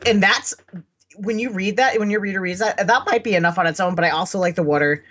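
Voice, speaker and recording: A woman's voice: medium pitch, quick pace, fairly bright tone. A blunt woman from the Southern United States, co-hosting a casual chat about writing. She swears freely and restarts her sentences often. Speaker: podcast co-host.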